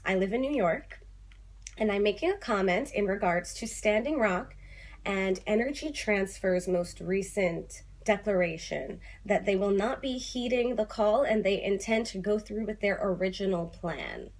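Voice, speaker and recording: A young woman talking casually to camera as an activist vlogger, quick and passionate with playful asides. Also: mid-range voice. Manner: fast, animated, playful asides. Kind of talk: casual direct-to-camera vlog. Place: home room, on hold on a phone call.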